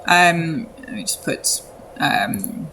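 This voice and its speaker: A woman's voice: deep voice, lively intonation, slow, sharp tone, slight background noise. Chatty woman running a tabletop game. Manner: chatty, lots of fillers and restarts. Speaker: game master.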